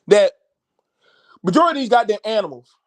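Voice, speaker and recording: A man hosting a podcast, ranting loudly in a profane, mocking monologue with an American accent. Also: high voice, fairly quick. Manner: loud, animated, cursing, mocking. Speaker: podcast host.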